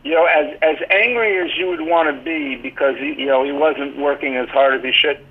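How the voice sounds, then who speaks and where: An older man with a slightly high, husky voice talks fairly quickly and with fairly even intonation. A former team athletic trainer and author, he is a guest in a casual interview over a tinny phone line, telling rambling anecdotes packed with "you know."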